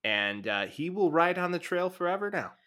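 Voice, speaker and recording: A man's voice: high-pitched, big pitch swings, moderate pace, bright, forceful tone. A man co-hosting a sports podcast in casual, joking banter, hyping his home team. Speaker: podcast co-host.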